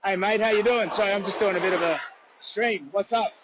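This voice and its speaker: A high-pitched Australian man talks earnestly and rambles as he livestreams outdoors by a road. He holds his phone at arm's length, so the audio is dull and lo-fi. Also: fairly quick, background noise. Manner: earnest, rambling, chats with passers-by. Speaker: charity walker livestreaming.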